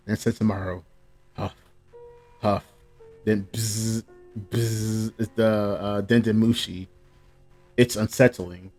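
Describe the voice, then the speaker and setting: A man's voice: lowish voice, a little mellow. Casual man reading manga aloud. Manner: reads panels aloud between casual comments. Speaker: manga reaction host. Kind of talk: casual live reaction.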